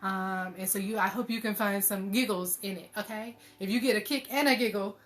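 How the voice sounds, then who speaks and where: A woman hosts a meditation livestream in a loose, joking way, sprinkling her talk with fillers. Her voice is bright and sits at a middle pitch. She rambles warmly between reminders. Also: fairly even intonation, brisk. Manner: chatty, playful, joking, with laughs and fillers. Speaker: meditation group host. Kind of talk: casual livestream chat.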